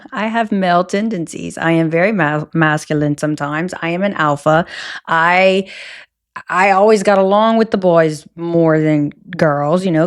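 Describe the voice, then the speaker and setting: A woman in her thirties hosting her own podcast, chatting casually and rambling off on tangents. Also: on the low side. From American South. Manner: chatty, rambling, self-interrupting. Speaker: podcast host. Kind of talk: casual solo podcast chat.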